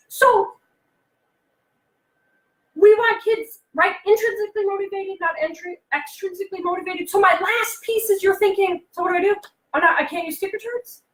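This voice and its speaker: Woman, very high voice, animated advice talk, echoey room. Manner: animated, acts out kids' voices, asks the listener questions. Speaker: behavioral consultant and life coach.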